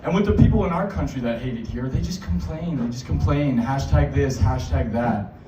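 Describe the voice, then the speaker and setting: A man's voice: mid-range voice, fairly quick, mellow, dull audio, slight background noise. A young man from Massachusetts doing a stand-up set in a small bar, crude and rambling, with many fillers. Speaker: stand-up comic. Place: small bar comedy stage. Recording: echoey bar from a distant mic.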